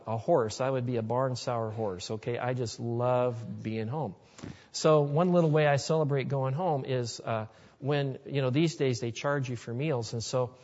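A man's voice: medium pitch, a little mellow. A man speaker telling personal stories in an earnest, folksy way during a sermon to a live audience. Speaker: Christian speaker. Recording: dull lo-fi recording in a reverberant hall.

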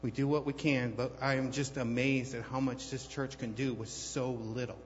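A man's voice: medium pitch, level tone, normal speed, a little hiss or hum. A man giving a personal testimony at church, telling his story in a rambling, conversational way with many fillers and restarts. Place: church hall. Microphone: handheld microphone held too far off. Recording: long hall reverb, dull lo-fi sound.

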